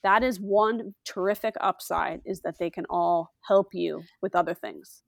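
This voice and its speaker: A middle-aged woman talks as a guest on a podcast in a gravelly voice recorded dry and close. She is blunt and opinionated and pokes fun at herself as she goes. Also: fairly low pitch, measured pace, no echo. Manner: blunt, opinionated and self-mocking. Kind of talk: casual podcast chat.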